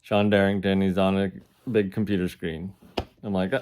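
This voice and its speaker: Casting: man, low-pitched voice, casual indignant storyteller who laughs often. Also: little pitch movement, normal speed, darkish tone, slight background noise. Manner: indignant, laughs between lines, acts out the quoted officers in a raised voice. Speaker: defendant recounting his jail experience. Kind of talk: casual first-person storytelling.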